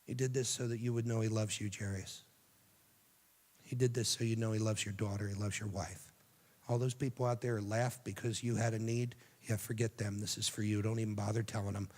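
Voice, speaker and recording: A man giving a youth sermon, telling the story dramatically and dropping to a hushed, tender voice for quoted lines. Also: on the low side, level tone, brisk, long reverb tail. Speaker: youth speaker.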